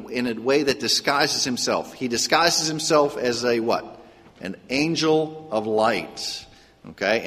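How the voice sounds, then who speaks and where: A man of middle pitch preaches a sermon in a husky, slightly breathy voice. He keeps asking his listeners questions and waits for them to answer. His voice rings out with a long echo, as in a large hall. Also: a bit bright. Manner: quizzes the congregation with questions. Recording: echoey hall with long reverb.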